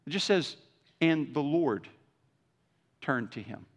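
A man preaching a sermon in a conversational way, swinging from loud emphasis to hushed lows and acting out quoted speech. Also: expressive, slow pace, in a large hall, dull audio. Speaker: pastor.

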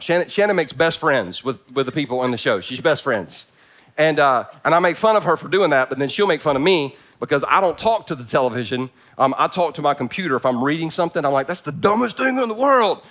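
A man preaching a sermon to his church congregation, conversational and joking, swinging from loud emphasis down to hushed, quiet lines. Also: medium pitch. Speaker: pastor.

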